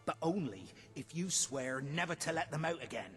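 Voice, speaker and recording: An actor playing a fussy middle-aged chicken keeper in a game, theatrical and exasperated. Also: male voice, fairly high pitch, expressive, normal speed, fairly bright tone, soft background music.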